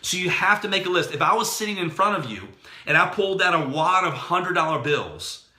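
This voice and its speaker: A man giving an energetic, preachy motivational talk as a network marketing trainer, telling stories from his day. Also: high voice, brisk, echoey room.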